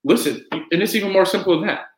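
A man's voice: high voice, fast talker, echoey room, rough recording. A man as a podcast guest, chatting casually and acting out quoted lines as he tells stories. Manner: animated storyteller who acts out quotes. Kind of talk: casual conversation.

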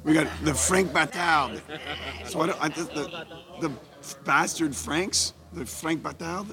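Male guest over a loud show crowd. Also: fairly high pitch, a little slow. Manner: hesitant, stumbling restarts. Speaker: band member, interview guest. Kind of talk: casual interview chat. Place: backstage at a noisy concert.

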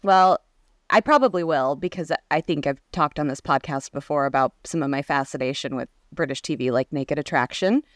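A woman hosts a podcast in casual chat, her voice somewhat low. The sound is dry and close, and she talks with animation and laughs often. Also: brisk, dry recording. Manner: animated, laughing, acts out quotes. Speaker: podcast host.

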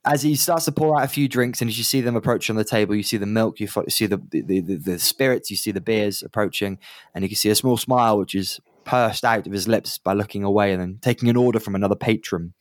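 A man's voice: lowish voice, quick pace, dry recording, clean studio sound. A man narrating as game master, rambling with lots of fillers and restarts.

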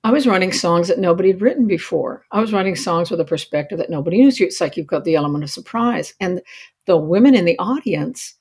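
An older woman from the Canadian prairies, a singer-songwriter guest chatting lively in an interview, with many restarts and asides. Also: on the low side, quick pace, slightly rough. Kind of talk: casual interview chat.

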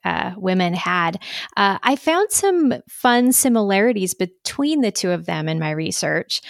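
A woman's voice: medium pitch, no echo, clean studio sound. A woman co-hosting a podcast in an enthusiastic, chatty way. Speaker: podcast co-host. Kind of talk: casual chat.

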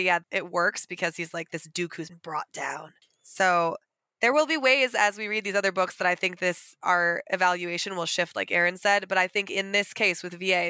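Woman podcaster, argues her point with energy, bright tone, dry close mic. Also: on the low side, no room sound. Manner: animated, argumentative. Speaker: podcast co-host. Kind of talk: casual book discussion.

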